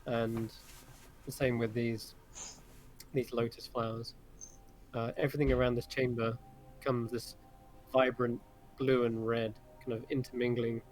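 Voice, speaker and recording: A man narrating a tabletop game as game master, describing scenes in an unhurried, descriptive way. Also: mid-range voice, little pitch movement, soft background music, poor audio.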